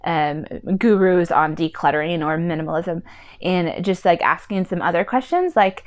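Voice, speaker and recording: Speaking at a normal pace in a lowish register, a mother vlogs casually about decluttering her home. Her talk wanders and is sprinkled with fillers such as "um" and "like," yet it sounds sincere and heartfelt.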